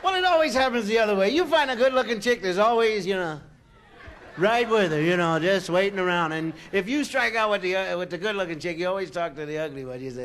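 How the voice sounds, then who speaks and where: A man from Philadelphia telling a long comic story on stage, in a chatty, animated way full of "you know" and "man". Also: high-pitched, fast. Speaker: comedian. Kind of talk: stand-up storytelling.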